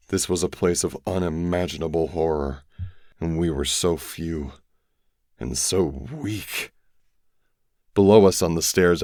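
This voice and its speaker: Deep-voiced male narrator, grave and measured, dry close read. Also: darkish tone, no echo. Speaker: audiobook narrator. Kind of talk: first-person scripted narration.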